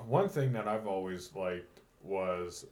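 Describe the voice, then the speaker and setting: A man's voice: low-pitched, lively intonation, slow, a little mellow. A man co-hosting a podcast in casual, jokey chat, laughing easily. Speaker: podcast co-host.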